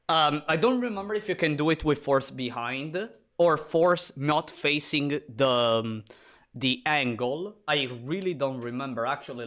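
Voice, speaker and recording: Streamer, male, slightly high voice, rambling gameplay chatter, soft game music behind. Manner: rambling, excitable, swears and laughs when surprised. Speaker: streamer playing a shooter game. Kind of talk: casual gameplay commentary.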